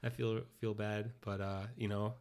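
Chatty man with a low voice. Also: flat delivery, moderate pace, a little mellow, smooth. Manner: chatty, many fillers like "like", acts out quoted dialogue. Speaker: interview guest. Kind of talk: casual storytelling conversation.

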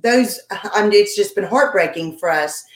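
A woman from Louisiana, with no regional accent, talks as a friendly guest in a casual interview and laughs easily. Her voice sits mid-pitch and rings with a roomy echo. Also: animated, unhurried.

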